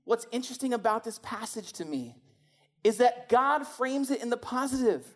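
A woman's voice: on the high side, moderate pace. A woman preaching a sermon in a conversational, emphatic way, often asking rhetorical questions.

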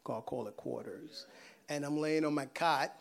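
A man telling a personal faith testimony in a casual, animated way, laughing often and swinging between loud and hushed. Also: fairly high pitch, normal speed, creaky. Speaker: guest sharing a personal testimony.

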